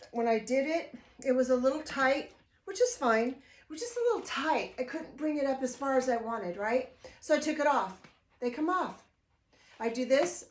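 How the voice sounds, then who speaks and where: A high-sitting voice with a darkish tone belongs to an older woman vlogging at home. She chats emotionally to the camera, wandering off and restarting often, in a room with noticeable echo.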